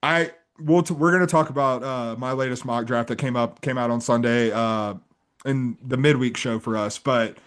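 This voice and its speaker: Male podcast co-host, mid-range voice, quick casual sports banter full of "like" and easy laughs. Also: medium pitch. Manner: quick, animated, laughs often, says "like" a lot.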